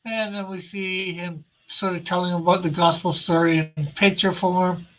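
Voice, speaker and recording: A man's voice: high-pitched, flat delivery, moderate pace, a bit bright, poor audio. A comic artist making casual, rambling talk while he draws, laughing often. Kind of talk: casual chat while drawing.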